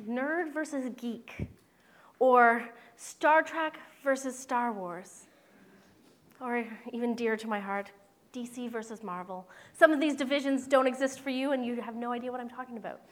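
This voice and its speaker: A woman's voice: on the high side, a bit bright. A woman pastor preaching a sermon in an earnest, conversational way with playful asides.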